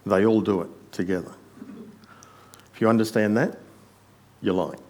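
A man preaching an expository sermon, rising to emphatic peaks on quoted lines and dropping quiet on asides. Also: on the low side, moderate pace.

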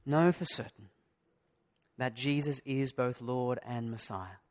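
A man's voice: medium pitch, slow. A middle-aged male pastor preaching a sermon in an earnest way, asking his listeners many direct questions.

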